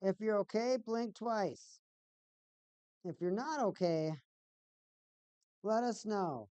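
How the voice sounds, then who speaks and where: A woman's voice: medium pitch, animated, slow pace, mellow, dry recording. A woman hosting a hockey watch party stream, chatting casually and playfully, rambling and repeating phrases in a sing-song way. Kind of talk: casual livestream chat with play-by-play.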